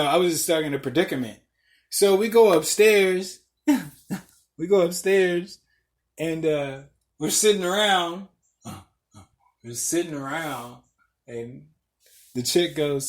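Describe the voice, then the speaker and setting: A podcast host telling a long story in casual, profane talk, acting out the lines of the people in it. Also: male voice, high voice. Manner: profane, animated, reenacts dialogue.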